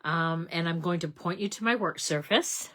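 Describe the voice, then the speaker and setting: A woman's voice: on the low side, normal speed, a bit bright. A middle-aged woman hosting a live card-making stream, talking casually and rambling a little as she greets viewers by name. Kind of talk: casual live craft demonstration.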